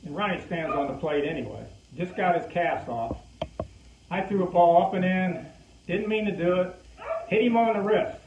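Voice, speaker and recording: An older man, a former pitcher, telling a lively anecdote and acting out the lines of the people in it. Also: normal speed, slight background noise. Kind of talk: anecdotal storytelling. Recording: distant echoey muffled recording.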